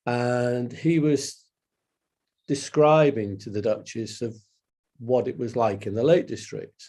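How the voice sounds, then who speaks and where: A man giving a guest talk over a video call, emotional and hesitant, with halting delivery. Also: medium pitch, darkish tone. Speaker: project director.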